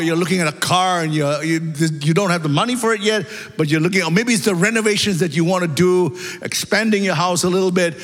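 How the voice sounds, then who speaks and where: A man preaching a sermon in an animated way, asking the congregation rhetorical questions and building up emphasis. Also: sits high. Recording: long hall reverb.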